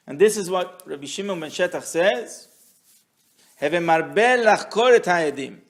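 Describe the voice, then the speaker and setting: A man teaching a weekly Torah class who tells stories in a lively way and acts out the people in them. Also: high-pitched. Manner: animated storyteller, acts out quotes. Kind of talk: storytelling Torah lesson.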